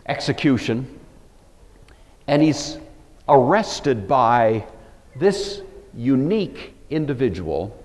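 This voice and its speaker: Lively, emphatic male Bible teacher. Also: fairly high pitch, big-room sound. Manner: animated, emphatic storytelling. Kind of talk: Bible lecture.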